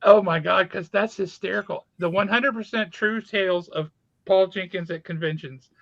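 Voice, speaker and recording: A man's voice: sits high, moderate pace, gravelly, fairly bright tone, no echo, muffled recording. A man hosting the show, reacting in amused exclamations during casual chat. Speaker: podcast host.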